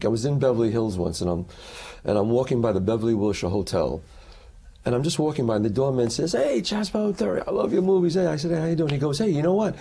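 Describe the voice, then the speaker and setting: A man, an actor, talking as a guest in an interview and telling animated stories in which he acts out other people's lines. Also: lowish voice, husky. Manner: lively storyteller who acts out the quotes.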